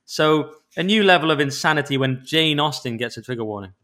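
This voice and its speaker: A man's voice: fairly high pitch, lively intonation, fairly quick, sharp tone. A man co-hosting a podcast in casual, jokey chat, laughing often. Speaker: podcast co-host.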